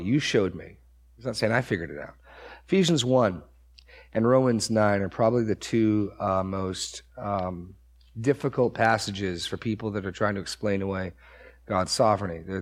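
Husky man preaching an emphatic sermon. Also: lowish voice. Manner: emphatic, repeats phrases for stress, asks the congregation questions. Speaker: pastor. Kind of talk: expository sermon.

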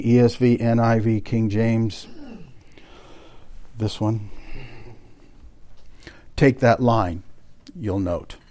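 A man with a mellow, darker tone leads a Bible study class. He explains the text patiently, reads passages aloud, and turns to his listeners with questions. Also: medium pitch. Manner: explanatory, quoting sources aloud, addressing the class directly. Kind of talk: Bible study lecture with read quotations.

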